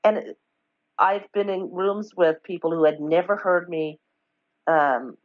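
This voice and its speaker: A podcast host from Newfoundland, a woman whose softened Newfoundland accent still shows. She talks quickly and casually, in a low voice. The recording is muffled and lo-fi. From Change Islands, Newfoundland. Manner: chatty and quick, laughing between thoughts. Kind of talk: casual chat. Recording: dull lo-fi audio.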